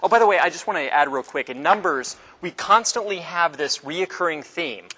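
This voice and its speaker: Man, Bible class teacher, slightly high voice, conversational, quizzes the class. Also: expressive, normal speed, pushed and bright. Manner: conversational, asks the class questions, acts out quotes with pitch jumps. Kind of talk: casual Bible class lecture.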